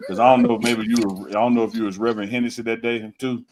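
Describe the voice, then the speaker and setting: A man co-hosting a casual sports talk show, talking with emphatic, animated energy and teasing his co-host. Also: medium pitch, rapid-fire, crowd noise, poor audio.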